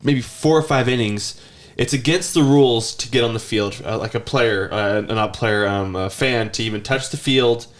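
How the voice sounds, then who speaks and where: A man in his thirties hosts a podcast, spinning rambling stories in casual chat and now and then imitating a whiny child. His voice sits at medium pitch, moving at a moderate pace with barely any pauses.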